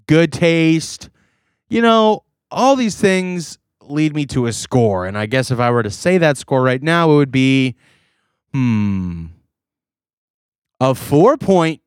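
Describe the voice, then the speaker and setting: Goofy, lively-voiced man rambling. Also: fairly high pitch, smooth, no room sound, studio quality. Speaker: podcast co-host reviewing beer. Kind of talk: casual chat.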